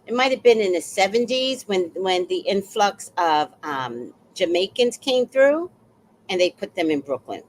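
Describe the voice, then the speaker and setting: A woman in her sixties hosting reaction commentary, animated and playful, who often repeats her phrases. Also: mid-range voice, measured pace, slight background noise. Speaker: host.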